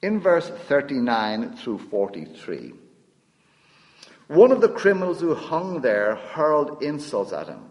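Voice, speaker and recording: Slow, emphatic preacher in a reverberant hall. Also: male voice, medium pitch, wildly swooping pitch. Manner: slow, emphatic preaching with dramatic rises and hushed drops. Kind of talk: sermon.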